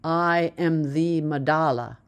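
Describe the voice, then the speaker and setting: Brief: woman reading as an old male village elder in a storybook, slow and emphatic, proud and tender. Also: low-pitched, smooth. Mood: earnest.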